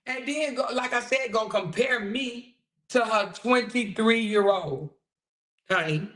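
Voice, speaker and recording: A woman's voice: a little high, slow, a bit bright. A woman hosting her own channel, talking in a casual rant that is blunt, profane and mocking and repeats phrases for emphasis. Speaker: channel host.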